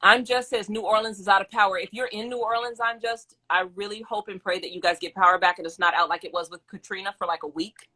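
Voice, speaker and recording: A woman's voice: mid-range voice, fairly even intonation, quick pace, hardly any pauses, pushed and bright. A woman from Mississippi, co-hosting a casual live-stream talk show from her home, chatty and laughing often as she reads out viewer comments. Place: home in the country.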